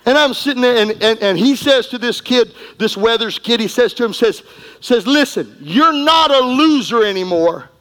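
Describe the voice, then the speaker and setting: A middle-aged man preaching a sermon, folksy and emphatic, going from quiet asides to shouting. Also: very high-pitched, lively intonation, moderate pace, low-quality recording. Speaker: pastor.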